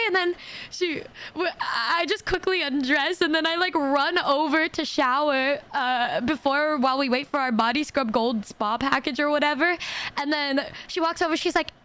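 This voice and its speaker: A woman streamer telling a story in casual chat, stammering and repeating words, quoting others in animated voices. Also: high voice, brisk, no room sound.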